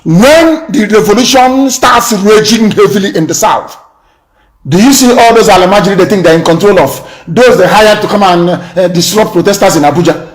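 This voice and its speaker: High-voiced man issuing stern warnings. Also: poor audio. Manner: threatening, repeats his warnings over and over; swings from measured speech to shouting. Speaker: political leader addressing listeners on a live radio broadcast. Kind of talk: impassioned political speech.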